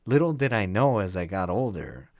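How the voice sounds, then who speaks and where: A man's voice: fairly low pitch, very animated, moderate pace, a little mellow, no room sound, studio quality. A young man co-hosting a casual podcast, telling a long story with lots of fillers and laughs. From Chicago area. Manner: rambling, many fillers, laughs through stories. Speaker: podcast co-host.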